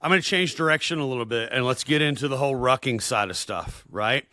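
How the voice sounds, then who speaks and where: A man with a Southern US accent hosting a podcast interview, talking slowly in an easygoing, joking way. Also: mid-range voice, pushed and bright, no echo, studio quality. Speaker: podcast host. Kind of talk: casual interview talk.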